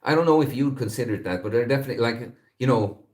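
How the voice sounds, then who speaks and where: A man's voice: medium pitch, racing, darkish tone. A man from Sweden, chatting casually on a livestream, rambling and hesitant with lots of fillers. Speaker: streamer, fitness content creator.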